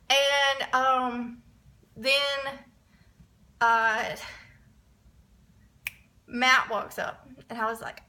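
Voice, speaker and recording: A young woman telling a rambling, excitable story in a casual vlog, often restarting her sentences. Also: fairly high pitch, slow pace, long pauses. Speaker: vlogger.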